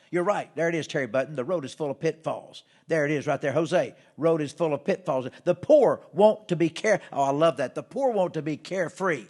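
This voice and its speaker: A man preaching success to a live audience in a fired-up, emphatic style, repeating his points and rising to loud exhortations. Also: on the high side. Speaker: motivational speaker hosting a live broadcast. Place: theater or studio.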